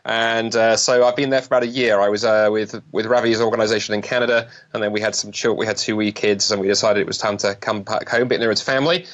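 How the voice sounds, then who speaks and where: A man from London with a British accent who rattles along quickly as a podcast guest. His speech is full of restarts and small jokes. The audio has a dull, lo-fi sound. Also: fairly low pitch. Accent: British English. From London, England. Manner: fast, lively, joking, many restarts. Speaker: guest speaker. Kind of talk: podcast interview.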